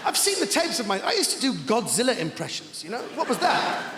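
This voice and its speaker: A man doing stand-up in a big theatre, his high voice swooping all over the place and breaking into shouts. The sound is roomy with long reverb, and a loud crowd laughs behind him. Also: a little fast. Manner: animated, bursts into shouts. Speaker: stand-up comedian. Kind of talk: stand-up comedy. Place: large theatre stage. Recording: echoey hall, crowd laughter.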